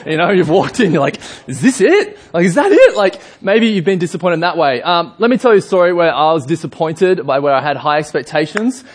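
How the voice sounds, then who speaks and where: A young man with an Australian accent delivers a sermon as if chatting with friends, full of fillers and asides. His voice sits a little high for a man. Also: a little fast, hardly any pauses. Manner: chatty storytelling with frequent fillers. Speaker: preacher.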